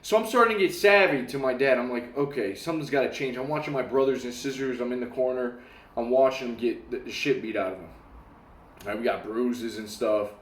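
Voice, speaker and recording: A young man in a casual storytelling monologue, animated, swearing casually and acting out the voices of people in his story. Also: medium pitch, brisk. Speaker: self-help talker. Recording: echoey room.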